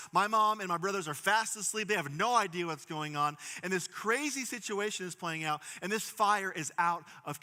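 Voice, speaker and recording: A pastor in his thirties from Pittsburgh, USA, preaches a sermon in a large church hall, his high, sharp voice carrying a long reverb. He tells stories, cracks jokes and works the crowd, drawing the congregation in.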